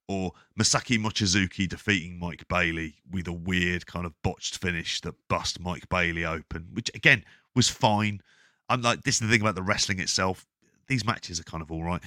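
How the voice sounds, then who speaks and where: A man co-hosting a casual wrestling podcast, talking in a sweary, rambling, animated way. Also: sits low, normal speed, no echo, studio quality. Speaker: podcast co-host.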